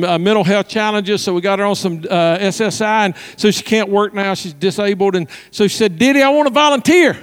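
Male pastor, high voice, storytelling sermon, long reverb of a large hall; lively, with quiet hushed moments. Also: smooth. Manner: animated storyteller, drops to soft hushed tones.

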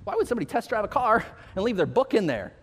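High-voiced preacher in a reverberant hall. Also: male voice, wildly swooping pitch. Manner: storytelling, building to emphatic slow proclamations. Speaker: pastor. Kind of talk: sermon with a personal story.

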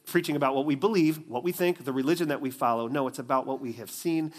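A male pastor preaching a sermon, telling a story in a lively way and acting out its scenes. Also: mid-range voice, fast. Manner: animated storytelling, acts out the scenes.

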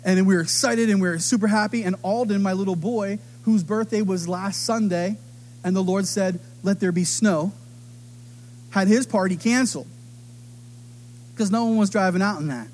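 A middle-aged man preaching a sermon, telling stories with animated delivery and acting out the voices of others. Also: sits high, moderate pace. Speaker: pastor.

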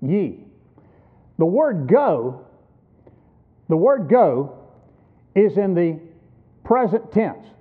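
Older guy in his 60s preaching, lively up-and-down voice, kinda high, sounds like it's over a phone line. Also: extremely slow, pauses often, slightly rough. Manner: emphatic, teaching with rhetorical questions. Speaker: visiting preacher at a missions conference. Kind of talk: sermon. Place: church.

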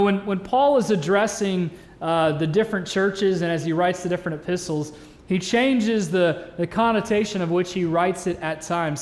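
A man in his thirties, a pastor, preaching a sermon in a church hall in an earnest, conversational way with joking asides. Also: sits high. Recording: reverberant church hall sound.

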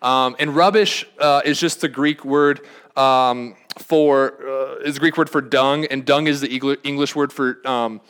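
A man's voice: medium pitch, steady tone, measured pace, a bit bright, clean tone. A young man preaching a sermon as a pastor, talking conversationally with frequent restarts and asides. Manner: conversational, rambling with many restarts.

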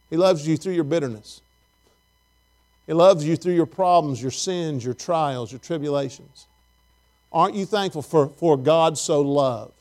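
Man, pastor, high voice, folksy conversational sermon, questions to the congregation, church. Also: moderate pace, darkish tone.

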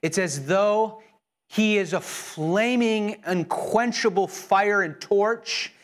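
A man's voice: high voice, slow pace. A male pastor preaching an earnest sermon in church, with frequent repeated words and restarts.

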